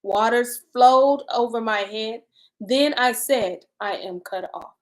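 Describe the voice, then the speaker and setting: A woman co-host who reads scripture verses slowly and then talks them over in casual, animated bursts. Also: on the high side, poor audio. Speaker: co-host reading and discussing scripture. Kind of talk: scripture reading and casual discussion.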